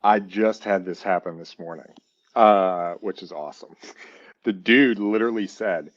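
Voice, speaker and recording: A man co-hosting a podcast in casual chat, telling stories in an animated way and acting out phone calls. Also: on the low side, normal speed, no room sound, muffled recording. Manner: animated, acts out phone calls, says "dude" and "like" a lot. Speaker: podcast co-host and real estate investor.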